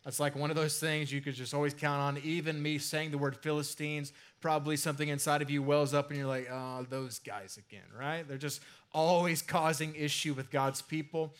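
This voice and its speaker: A man's voice: on the high side, little pitch movement, brisk, clean tone. A man preaching a sermon in a casual, conversational way, with asides and filler words. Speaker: pastor.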